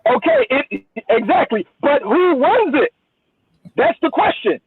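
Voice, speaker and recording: A man's voice: extremely high pitch, wildly swooping pitch, a little slow, no room sound. A man calling in to a heated debate, insistent and repeating himself for emphasis. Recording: tinny phone line.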